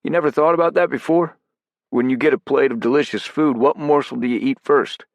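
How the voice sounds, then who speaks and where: A man's voice: mid-range voice, fairly quick, no room sound, voice pushed up, natural voice. A man voicing a wry, easygoing veteran special ops leader who teases in a folksy way, in an audiobook.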